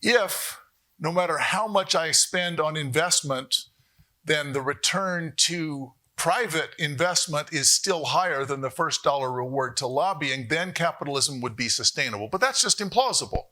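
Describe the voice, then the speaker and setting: Bright-voiced male economics lecturer. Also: on the high side, moderate pace. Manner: animated, jokey asides and rhetorical questions. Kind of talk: university lecture. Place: lecture hall.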